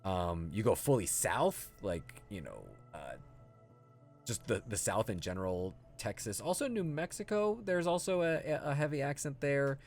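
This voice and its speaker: A man's voice: medium pitch, lively intonation, normal speed, darkish tone, faint music behind. A man streaming a video game, chatting casually and answering his chat as he plays. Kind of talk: casual gameplay commentary.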